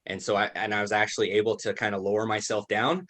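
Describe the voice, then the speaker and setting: Easygoing man with a low voice. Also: flat delivery, quick pace, a bit bright. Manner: easygoing storytelling, self-deprecating. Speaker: podcast guest. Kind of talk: casual chat.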